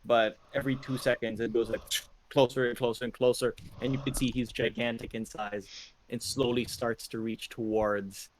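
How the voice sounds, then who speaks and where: A man narrating a tabletop game as game master, descriptive and relaxed, with frequent fillers. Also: medium pitch, moderate pace, a little hiss or hum, rough recording.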